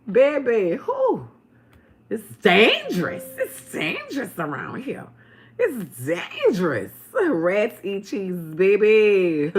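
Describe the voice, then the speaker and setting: A woman hosting a casual livestream, talking in with big pitch swings and loud bursts. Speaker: livestream host.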